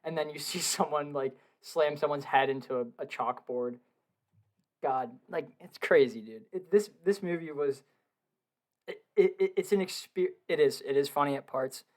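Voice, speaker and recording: Excitable young man swearing and laughing. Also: on the high side, normal speed. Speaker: podcast co-host. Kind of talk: casual film review chat. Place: home basement.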